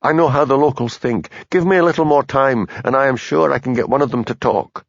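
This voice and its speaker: A man voicing a nervous young police constable with a Highland accent, earnestly pleading his case in an audiobook. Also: brisk, gravelly, dry recording, highs cut off. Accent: Scottish Highland. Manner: earnest, persuasive.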